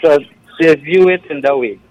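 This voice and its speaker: A man with a slightly high voice calls in to a radio talk show. He talks in a lively, jokey way and drops local sayings as he goes. Faint noise sits behind his line. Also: moderate pace, lo-fi sound. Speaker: radio caller.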